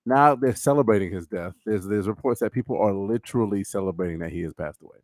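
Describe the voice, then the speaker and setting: A man's voice: fairly low pitch, fast, darkish tone, dry recording, studio quality. A man co-hosting a podcast in casual chat, talking with animation, swearing often and using lots of fillers and restarts. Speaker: podcast co-host.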